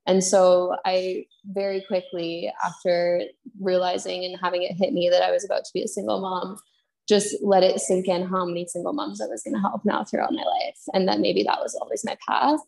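A woman's voice: fairly low pitch, normal speed, creaky. Young woman, from Canada, podcast guest, candid, heartfelt storytelling. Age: young adult. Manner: heartfelt, quotes herself and others in lively re-enactments.

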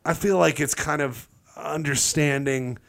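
A man co-hosting a podcast, telling travel stories in animated casual chat and slipping into goofy voices. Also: on the high side, unhurried, creaky. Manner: animated storytelling, swings into silly voices. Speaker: podcast co-host.

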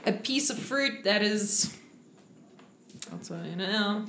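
A woman narrating a tabletop game as game master, playful and quick to laugh. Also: mid-range voice, vocal fry, roomy sound, background noise.

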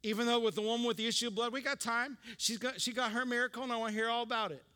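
A male pastor with a high, forceful, bright voice delivers a conversational sermon. He teaches with offhand jokes and asks the congregation to repeat lines back. His voice rings with the long reverb of a church hall. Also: steady tone, rapid-fire, clear, resonant tone. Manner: conversational preaching with asides and call-and-response.

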